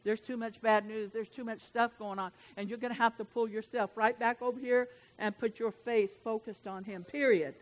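A woman's voice: on the high side, fairly even intonation, normal speed, few pauses. A woman preacher delivering a sermon in an emphatic, conversational way, repeating her points.

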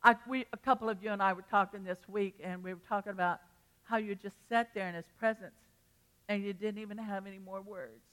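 A woman's voice: medium pitch, steady tone, a little fast, a bit bright. An older woman pastor preaching a sermon, telling a rambling story with restarts and bursts of feeling.

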